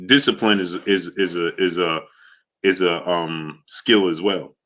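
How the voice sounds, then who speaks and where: A man from New York runs a casual boxing livestream, greeting viewers by name and answering super chats. His voice sits low yet comes across bright and forceful. He breaks into loud hype bursts between relaxed takes. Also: a little slow.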